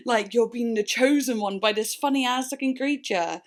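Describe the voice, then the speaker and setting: A young woman hosting a music reaction video, reading lyrics and explanations aloud in an animated way, swearing casually and breaking into laughs. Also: a little high, normal speed.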